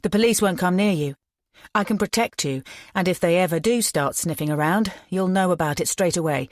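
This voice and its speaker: A woman's voice: on the low side, no room sound, lightly acted. A woman voicing a nervous young man who speaks carefully while bluffing a gangster. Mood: insistent. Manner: careful, slow and deliberate.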